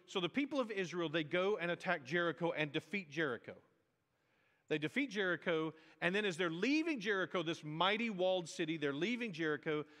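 Male pastor, chatty sermon delivery, slightly high voice, long hall reverb. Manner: conversational, animated, acts out quoted voices.

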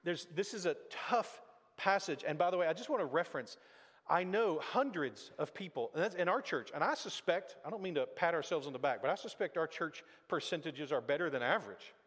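A man's voice: a little high, animated, a little fast, fairly bright tone, breathy edge. Conversational preaching man, echoing hall. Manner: conversational preaching with acted-out quotes. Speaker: pastor. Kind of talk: sermon. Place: church sanctuary. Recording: church hall reverb.

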